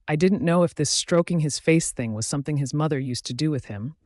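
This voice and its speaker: A man reading a romance audiobook in the first person, soft and even. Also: on the high side, a little fast, few pauses, no room sound, studio quality. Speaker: audiobook narrator. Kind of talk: scripted narration.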